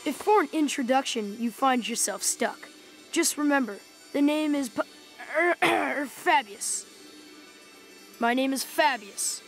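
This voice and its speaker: A woman's voice: high voice, lively intonation, unhurried, soft background music. A woman voicing a mischievous male fairy trickster who talks in theatrical singsong rhymes, in a cartoon. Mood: sly. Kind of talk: cartoon voice acting.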